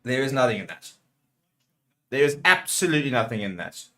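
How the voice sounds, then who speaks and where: A man's voice: mid-range voice, sing-song, brisk, background noise. A man hosting a rugby watchalong, calling the play live and getting heated with the referee. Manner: partisan play-by-play calls. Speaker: watchalong host.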